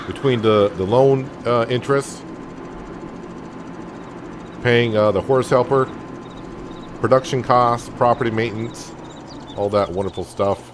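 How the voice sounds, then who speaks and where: Male gaming host, lowish voice, easygoing let's-play commentary, faint game noise behind. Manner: relaxed, thinking aloud with many fillers.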